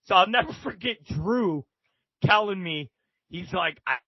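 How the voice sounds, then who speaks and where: A man's voice: sits high, expressive, measured pace, breathy edge, no echo, lo-fi sound. A man as a podcast guest, telling rambling, profane stories with many restarts. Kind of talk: casual storytelling.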